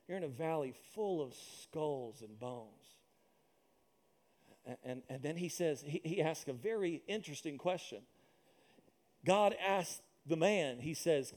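High-voiced preaching man, emphatic. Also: darkish tone. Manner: emphatic preaching, repeats phrases, asides and jokes. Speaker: pastor. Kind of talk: sermon. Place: church with loudspeakers.

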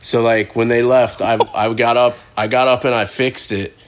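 A man's voice: medium pitch, steady tone, normal speed. A man telling stories as a podcast guest, rambling and swearing casually, laughing as he talks. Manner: profane, rambling, laughs mid-story. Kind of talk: casual storytelling.

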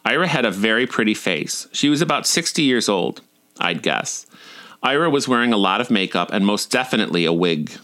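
Here a storyteller in his forties moves briskly through his personal essays, his humor wry and dry. His tone is bright and forceful, with a lively pitch that rises and falls freely.

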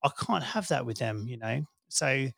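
A man's voice: medium pitch, normal speed, creaky, breathy edge, no room sound, clean studio sound. A middle-aged man, a podcast host telling candid stories in casual chat. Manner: candid, animated storyteller.

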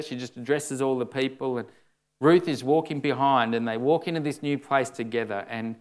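A man's voice: medium pitch, clear, resonant tone. A man preaching a sermon in a conversational way, often saying "you know" and acting out the lines he quotes.

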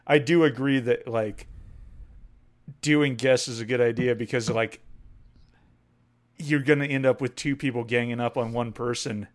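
A mid-pitched man co-hosts a casual podcast chat. He swears freely and tosses in laughing asides. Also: steady tone, normal speed, long pauses. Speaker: podcast co-host.

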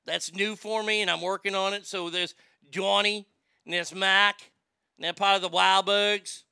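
A man's voice: high voice, fairly even intonation, normal speed, vocal fry, sharp tone, clear, resonant tone, no room sound, studio quality. A man hosting a show in casual chat, rambling and profane, with stammering restarts and boastful talk. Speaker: show host.

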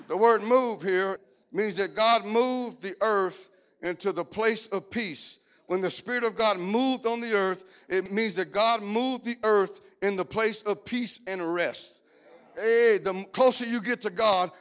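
A middle-aged male preacher delivers his sermon in a loose, lively way, slipping in jokes and stories as he goes. His voice sits notably high for a man. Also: normal speed. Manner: lively, joking storytelling preacher style.

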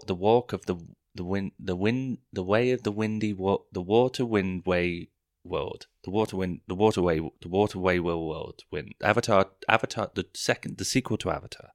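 A man's voice: low voice, dry recording, clean studio sound. A young man, hosting a podcast with a profane, self-mocking, rambling comic monologue full of tangents. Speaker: podcast host. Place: London.

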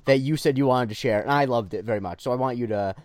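Fast-talking joking man. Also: mid-range voice, dry recording. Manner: joking, playful, moderating. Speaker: podcast host and editor. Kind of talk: casual chat.

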